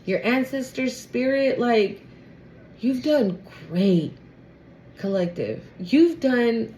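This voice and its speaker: Young woman tarot reader, unhurried and fairly high, gushing and slangy, faint room noise. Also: animated, dark tone. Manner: emotional, exclamatory, slangy, swings to near tears. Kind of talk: casual tarot reading to viewers.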